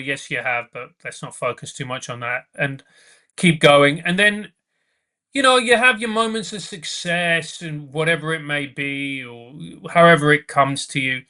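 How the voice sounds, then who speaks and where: Male comic guest, bright and slightly high, earnest, emphatic repetition. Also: moderate pace. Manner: earnest, repeats phrases for emphasis. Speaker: podcast guest, comedian. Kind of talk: casual chat.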